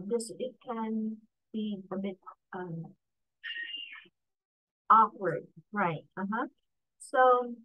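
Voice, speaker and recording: A woman with a Filipino accent gives an English lesson at a slow, measured pace. Her voice sits in a middle range and the sound is dry and close, with no room echo. She often checks in with learners as she goes. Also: mid-range voice, phone-quality sound. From Philippines. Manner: unhurried, frequent "okay?" check-ins. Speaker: English teacher. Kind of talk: ESL lesson.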